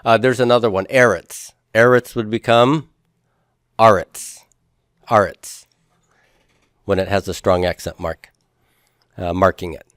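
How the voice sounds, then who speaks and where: A man's voice: fairly low pitch, normal speed, dry recording, studio quality. A man teaching a Hebrew grammar class who explains each step patiently and puts questions to his students. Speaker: Hebrew instructor.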